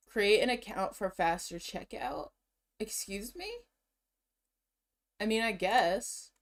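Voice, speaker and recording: Woman streamer rambling while she shops online, hyped, slangy, laughs a lot, kinda breathless. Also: medium pitch. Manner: excitable, talks to herself, slangy, laughs often. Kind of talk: casual chat while browsing online.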